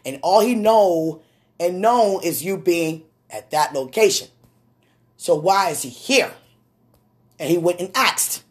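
A prophetic minister speaking straight to a listener in a sermon podcast, emphatic and repeating key phrases. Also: medium pitch. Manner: emphatic, repetitive, direct address.

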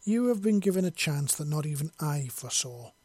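A man voicing a menacing, powerful mother figure in a storybook reading, delivering a slow, grave warning. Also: a little high, expressive, darkish tone, breathy edge, dry recording.

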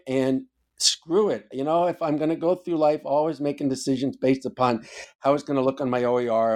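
A medium-pitched, slightly mellow male voice comes from an older former Coast Guard officer telling stories as a podcast guest. The interview is informal, and he speaks with emphasis and swears freely.

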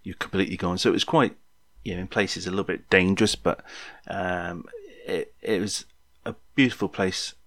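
A man in his sixties tells an old story in a loose, chatty way, full of ums and little jokes to the listener. His voice sits on the low side. The sound is dry and close, with no room echo. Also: steady tone, moderate pace, few pauses, fairly bright tone. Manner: rambling and jokey, with frequent ums and asides to listeners. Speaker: podcast storyteller. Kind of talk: casual spoken memoir.

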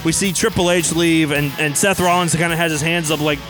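A man casually narrating a wrestling storyline as brisk play-by-play. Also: a little high, steady tone, over music.

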